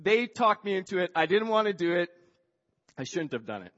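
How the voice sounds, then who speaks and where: A man telling a personal story with a moral in a chatty, animated way, acting out what people said and often filling pauses with "like". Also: sits high, long reverb tail, dull audio. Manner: chatty, acts out quoted dialogue, frequent "like" fillers.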